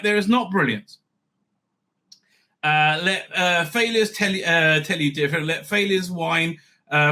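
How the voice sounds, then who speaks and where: A man hosting a review show, giving opinionated commentary full of fillers, restarts and sarcastic asides. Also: a little high. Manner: animated, many fillers and restarts.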